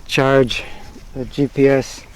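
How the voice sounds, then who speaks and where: A man hosting a bushcraft channel, giving a relaxed, plain-spoken gear review and listing items one by one. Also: mid-range voice, slow, noisy background. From United States.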